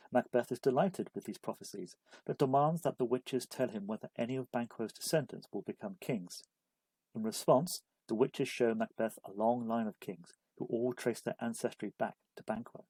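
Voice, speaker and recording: Mellow, husky man narrating a study guide. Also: mid-range voice, no room sound, rough recording. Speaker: literature explainer. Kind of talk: scripted narration.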